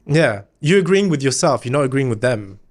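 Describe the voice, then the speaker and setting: A man's voice: mid-range voice, expressive, fairly quick. Man, blunt and swearing. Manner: blunt and swearing, coaching with laughs. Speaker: podcast guest. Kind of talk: casual chat.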